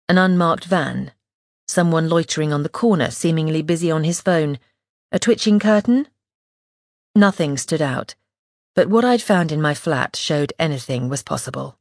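A woman reading a first-person audiobook in a steady, measured way. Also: deep voice, dry recording, studio quality. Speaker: audiobook narrator. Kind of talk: scripted first-person narration.

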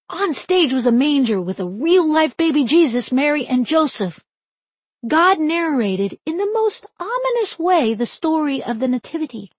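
Woman narrator, wry deadpan teen tone, slightly husky, dry studio sound. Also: high-pitched, dry recording. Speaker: audiobook narrator. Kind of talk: first-person audiobook narration.

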